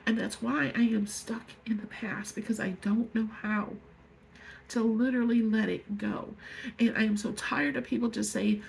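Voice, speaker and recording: A woman in her fifties speaking to viewers in an emotional personal vlog, angry and tearful, halting as she pours out her feelings. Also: on the high side, a little mellow, a little hiss or hum, low-quality recording. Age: 50s. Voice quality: gravelly, very husky voice. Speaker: vlogger.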